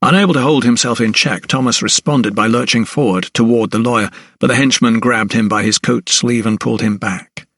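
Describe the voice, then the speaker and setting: A male narrator reads a historical mystery in a measured, even manner. His voice sits in a middle register and is recorded dry and close on a studio mic. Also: mid-range voice, no echo. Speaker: audiobook narrator. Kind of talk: scripted narration.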